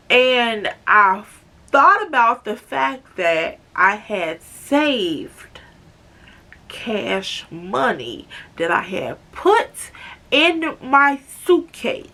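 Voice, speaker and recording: Young woman, storytime vlog, dramatic and chatty, slow unhurried delivery. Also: on the high side, big pitch swings, pushed and bright. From Chicago, USA. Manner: dramatic, chatty, keeps calling viewers "girl". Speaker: vlogger.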